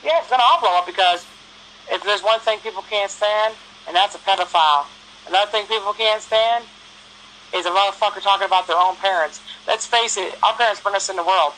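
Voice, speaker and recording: A woman's voice: medium pitch, a little fast, fairly bright tone, a little hiss or hum, rough recording. A woman, talking bluntly and profanely in a casual phone chat, telling stories with quoted back-and-forth.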